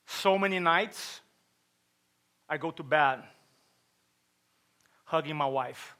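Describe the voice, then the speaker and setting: A middle-aged Brazilian man with a Brazilian Portuguese accent speaks at a chiropractic event, his voice fairly high, bright and pushed, at a measured pace with frequent pauses. In this motivational stage talk he shares a personal story, acts out quotes and poses questions to the audience.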